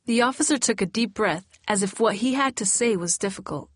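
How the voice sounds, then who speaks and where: A woman narrating a story in a steady, even storytelling manner, recorded close. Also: medium pitch, a little fast, dry recording. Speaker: audiobook narrator.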